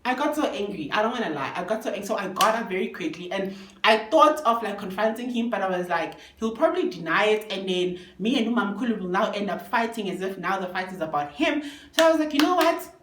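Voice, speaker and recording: A young South African woman telling a story to camera in a casual, animated way, switching languages and swearing freely. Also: mid-range voice, fast, echoey room, slight background noise. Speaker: storytime vlogger.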